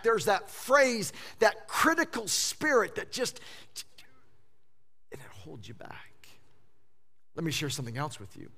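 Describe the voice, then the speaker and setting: Animated fifty-something male preacher, bright voice. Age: 50s. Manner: animated preaching, swinging from hushed lows to loud exclamations; stammers and repeats words when emphatic. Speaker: pastor. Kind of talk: sermon.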